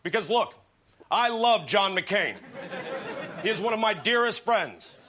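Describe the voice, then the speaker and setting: An actor playing an earnest, rambling older senator with a Pennsylvania accent in a sketch comedy debate parody. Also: male voice, sits high, animated, a little slow, background noise. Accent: Pennsylvania American. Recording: TV sketch with audience laughter. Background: studio audience laughter.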